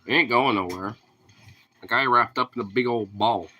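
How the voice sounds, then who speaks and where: A young man at home talking to his husky dogs, mixing teasing baby talk with swearing. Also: medium pitch, moderate pace, sharp tone. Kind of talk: casual talk to his pets.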